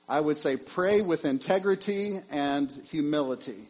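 Pastor preaching conversationally, mid-high voice. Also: male voice, measured pace, rough recording. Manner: conversational preaching with animated asides and repeated phrases. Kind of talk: sermon.

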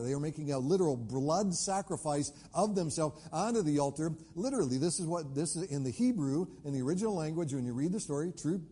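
Male pastor, sermon storytelling, lots of uh fillers, fairly high mellow voice. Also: breathy edge.

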